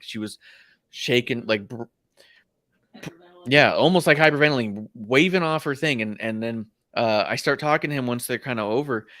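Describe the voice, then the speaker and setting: A man co-hosting a wrestling chat show tells his stories quickly. He acts out the people he quotes with lively voices. The recording is dry and close, with no room sound. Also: mid-range voice, no room sound. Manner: animated storytelling, acting out quoted voices. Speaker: podcast co-host. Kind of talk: casual chat.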